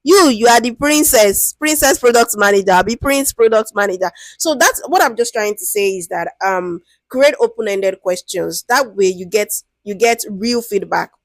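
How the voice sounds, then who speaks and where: A woman with a Nigerian accent giving a casual, lively lesson, often checking that listeners follow and acting out interview lines. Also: moderate pace, hardly any pauses, no echo. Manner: lively, conversational, keeps asking "do you understand?"; acts out interview lines in a higher, sweeter voice. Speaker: product management teacher. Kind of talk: casual explanatory talk.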